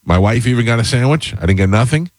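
A man's voice: mid-range voice, animated, quick pace, dry recording. A man hosting a casual radio show, joking and rambling through promotions and banter. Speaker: radio host.

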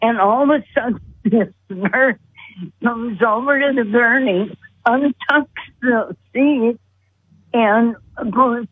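A woman telling a long personal story in an earnest, unhurried way, heard over a telephone. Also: fairly high pitch, breathy edge, no echo. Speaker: guest. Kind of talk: storytelling on a call-in show. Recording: tinny phone line.

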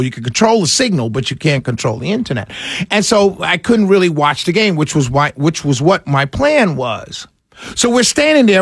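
A man's voice: on the high side, fairly bright tone, dry recording. Chatty man telling a story, dry sound. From New York City. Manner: chatty storytelling, many fillers and restarts. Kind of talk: casual monologue.

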